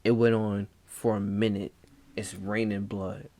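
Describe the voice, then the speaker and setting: A man telling a spooky story in a laid-back, hushed casual way, dropping "bro" often. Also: on the low side, little pitch movement, a little slow, dry recording. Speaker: vlogger.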